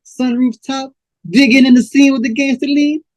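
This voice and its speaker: A man voicing a smooth, cold-hearted male pimp who talks in a slow, cool, menacing drawl. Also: very high-pitched, fairly even intonation, a little mellow, no echo, pitched above the performer's own voice.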